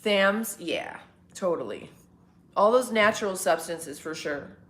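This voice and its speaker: A woman's voice: fairly low pitch, big pitch swings, unhurried, a bit bright. A woman hosting a casual morning livestream from home, rambling and chatting back to viewers' comments. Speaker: livestream host. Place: home, indoors.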